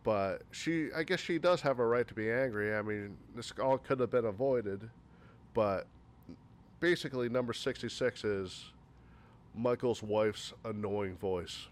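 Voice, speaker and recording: A man's voice: fairly low pitch, a little slow. Sarcastic, swearing man reviewing movies. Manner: sarcastic, profane, rambling. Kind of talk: casual spoken movie critique.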